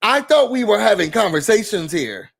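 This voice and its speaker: A man with a notably high-pitched voice rants through a reality TV recap in a casual, sassy, animated way. He swears freely as he talks. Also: normal speed, creaky. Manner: animated, sassy, cursing, acts out quotes.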